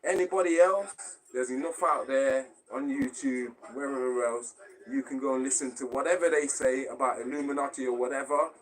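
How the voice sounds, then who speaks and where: A man speaks in a mid-pitched voice as he hosts a live stream. He talks bluntly and casually, swears freely, and keeps checking whether his listeners understand. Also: steady tone, brisk, poor audio. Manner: blunt and profane, often asks if you understand. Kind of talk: casual monologue to viewers.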